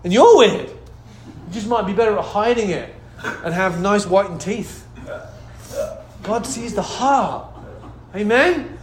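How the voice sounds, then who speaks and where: A man preaches in a high, lively voice, dropping to a hush and then rising to loud exclamations as he calls out for hallelujahs. His sermon rings through an echoey church hall. A faint background ambience sits under the room. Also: unhurried, pauses often, a little hiss or hum. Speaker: pastor.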